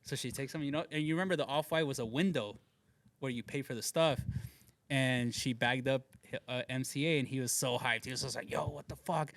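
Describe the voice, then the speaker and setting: A man's voice: mid-range voice, fairly quick, dry recording. A man telling street stories in casual chat, acting out quotes with lots of slang and swearing. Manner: animated, acts out quotes, heavy slang and swearing. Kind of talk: casual storytelling. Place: studio.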